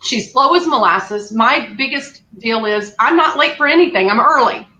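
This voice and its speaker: A woman, candidly telling a lively story as an interview guest, acting out the lines she quotes. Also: on the high side, moderate pace, lo-fi sound. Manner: animated, acts out quotes, laughs often. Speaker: guest caring for her mother. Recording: echoey room.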